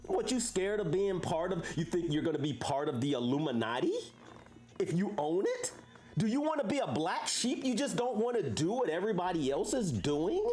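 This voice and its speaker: A woman's voice: fairly low pitch, sing-song, moderate pace, darkish tone. A woman hosting a casual livestream, talking to viewers in a preachy way full of rhetorical questions. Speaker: livestream host.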